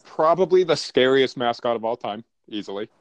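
A man's voice: mid-range voice, expressive, brisk, lo-fi sound. A man co-hosting a podcast in casual chat, making dry, mock-serious jokes. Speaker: podcast co-host.

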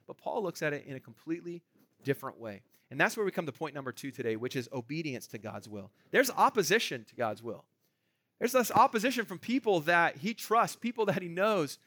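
High, bright-voiced pastor preaching. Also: male voice, very animated, a little fast, dry recording. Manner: conversational, asks the room "right?". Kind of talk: sermon.

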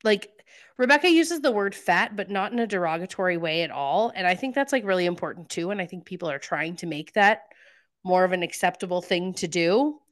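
A woman co-hosting a podcast, casually recapping a TV episode in an animated way, acting out the characters' lines. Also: on the low side, brisk. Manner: animated retelling with lots of "like" and acted-out quotes. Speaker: podcast co-host.

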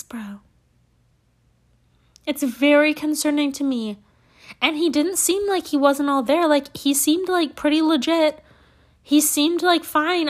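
A young woman host in a put-on mock Southern accent, telling a profane, exasperated comedic story on a solo podcast. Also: high-pitched. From Canada.

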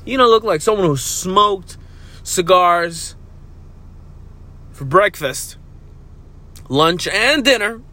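Animated man ranting in a car. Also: sits high, takes it slowly, pauses often. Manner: animated, shouty, crude, swings loud to mumbled. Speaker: podcast host. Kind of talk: rambling solo podcast while driving. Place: inside a car. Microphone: phone held to face. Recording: faint road noise in a car.

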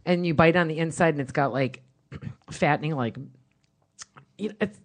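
A woman co-hosting a podcast, telling funny stories in a chatty, animated way. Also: low voice, normal speed. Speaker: podcast co-host. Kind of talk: casual storytelling chat.

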